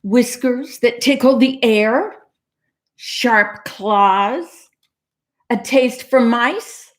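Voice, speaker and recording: A woman voicing a bossy, easily irritated cat in a children's storytime, insistent and high-pitched. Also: very slow. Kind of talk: children's storytime read-aloud.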